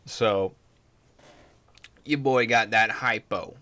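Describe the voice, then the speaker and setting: A man's voice: lowish voice, slow pace, sharp tone, clean tone. A man hosting a podcast, talking casually in a rambling, profane, laid-back way. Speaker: podcast host. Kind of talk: casual chat.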